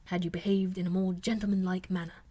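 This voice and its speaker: A woman voicing a proud, reserved young gentleman in an audiobook, speaking in a slow, grave and earnest manner. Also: lowish voice, flat delivery, slightly rough. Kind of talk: audiobook character reading.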